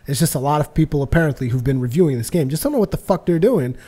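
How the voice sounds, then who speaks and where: A man giving casual, rambling voice-over commentary on his own gameplay, excitable and quick to swear. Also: fairly high pitch. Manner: rambling and excitable, swears freely, repeats words. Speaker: let's play commentator.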